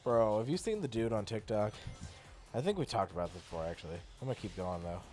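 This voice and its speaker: A man's voice: lowish voice, animated, quick pace, a little mellow, soft background music. A young man in a casual, crude chat, swearing freely and laughing often as he tells stories.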